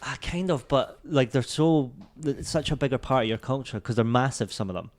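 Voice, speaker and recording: A young Scottish man, a comedian guest chatting casually on a podcast, self-deprecating and quick to laugh, with halting restarts. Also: mid-range voice. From Scotland.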